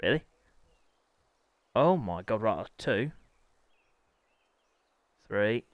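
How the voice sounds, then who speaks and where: A man's voice: fairly low pitch, expressive, drawn-out words, no room sound, phone-quality sound. Young male host, harried and apologetic, streaming a racing league to chat, close dry sound. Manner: harried, apologetic, talking to chat while setting up. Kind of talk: live-stream chat to viewers.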